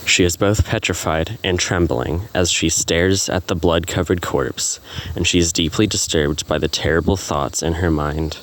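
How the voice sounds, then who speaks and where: A man with a very deep voice reads his own story aloud. He keeps an even, unhurried pace, with a faint hiss of noise under the voice. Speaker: narrator. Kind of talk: reading a self-written story.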